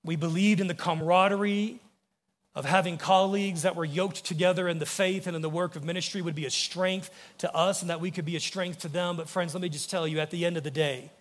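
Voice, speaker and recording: A man with an American accent, a pastor preaching a sermon to his congregation, earnest, and his voice drops low and soft when he quotes. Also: fairly even intonation, brisk, in a large hall. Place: church sanctuary.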